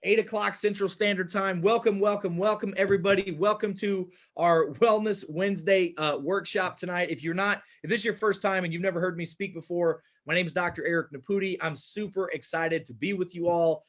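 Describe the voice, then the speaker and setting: A man's voice: high voice, fairly even intonation, brisk, hardly any pauses, a bit bright. A man hosting a live online wellness workshop, upbeat and chatty, with filler words, heard through a computer mic on a video call. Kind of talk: live webinar talk. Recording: dull lo-fi video call audio.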